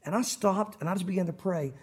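High-pitched middle-aged guy preaching, animated, does little voices for the people he quotes. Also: quick pace, breathy edge. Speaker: pastor. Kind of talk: sermon.

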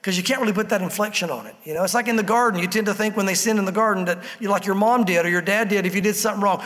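A man's voice: sits high, very fast, few pauses, fairly bright tone, big-room sound. A man preaching a sermon to a congregation in a church, in a conversational style that slips into acted-out quotes. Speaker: pastor. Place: church sanctuary.

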